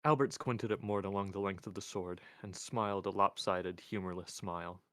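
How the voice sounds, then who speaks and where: A man reading a novel aloud in a measured, even storytelling voice on a close microphone. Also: low voice, no echo. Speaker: reader. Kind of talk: audiobook narration.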